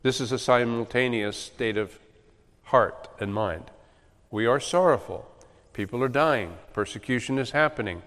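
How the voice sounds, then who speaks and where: A man's voice: medium pitch, unhurried, fairly bright tone. A man preaching in an earnest teaching manner, asking questions and answering them himself. His voice sits in an ordinary middle range. Long reverb trails each phrase, as in a church sanctuary. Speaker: pastor. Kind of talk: sermon.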